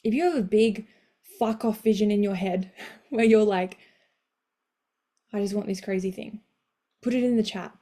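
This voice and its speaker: Warm, blunt motivational woman coach. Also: mid-range voice, moderate pace, long pauses. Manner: energetic, blunt, swears casually, cheers listeners on. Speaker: women's coach hosting a live session. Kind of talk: motivational live talk.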